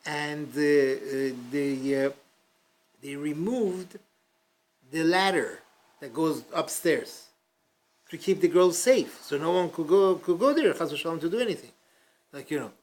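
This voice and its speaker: A man's voice: a little high, a little slow. A man teaching a casual Talmud class, telling a story with many fillers and restarts and acting out the quotes. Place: study hall class.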